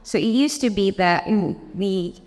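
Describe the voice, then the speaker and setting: A woman's voice: mid-range voice, animated, unhurried, darkish tone. A woman with a Filipino accent answering on a conference panel, chatty and laughing, sometimes switching into Tagalog. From Philippines. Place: conference hall. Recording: long hall reverb.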